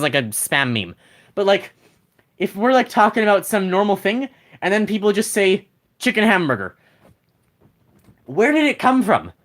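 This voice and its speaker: A game streamer talks to the chat in a loose, rambling way, often restarting sentences and reading messages aloud. The pitch swings widely and animatedly through each thought. It sounds like a plain desk mic setup. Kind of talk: casual live-stream chat.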